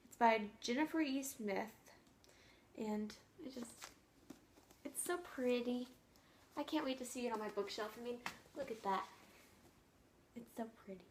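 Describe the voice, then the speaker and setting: A woman's voice: a little high, unhurried, pauses often, slight background noise. A teenage girl chatting casually about her new books, bubbly and gushing, rambling with lots of fillers. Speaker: book vlogger. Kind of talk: casual book haul chat.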